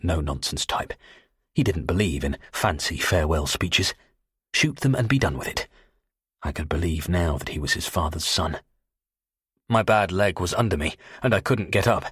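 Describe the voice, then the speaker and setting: A man narrating a thriller audiobook in the first person, tense and measured. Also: deep voice, fairly bright tone, slightly rough, no room sound, clean studio sound.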